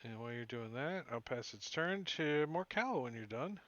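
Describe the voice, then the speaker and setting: A man's voice: medium pitch, lively intonation, moderate pace, fairly bright tone, no room sound. A man narrating as game master of a tabletop game, rambling with many fillers and restarts. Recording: dull lo-fi audio.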